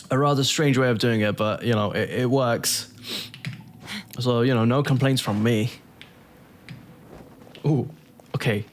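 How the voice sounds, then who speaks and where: A man's voice: medium pitch, a little hiss or hum. A man giving casual commentary on his own gameplay, thinking aloud and chuckling to himself. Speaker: gaming YouTuber.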